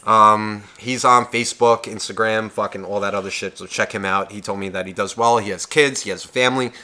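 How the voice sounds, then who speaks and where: A man co-hosting a podcast, telling a rambling story full of swearing in casual, animated talk. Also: lowish voice, fairly quick. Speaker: podcast co-host.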